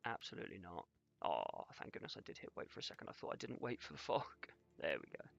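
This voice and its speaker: A man's voice: low-pitched, huge pitch swings, quick pace, vocal fry, a bit bright, muffled recording. Man giving casual strategy game commentary. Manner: casual, swears, jokes with chat. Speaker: streamer. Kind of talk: live gameplay commentary.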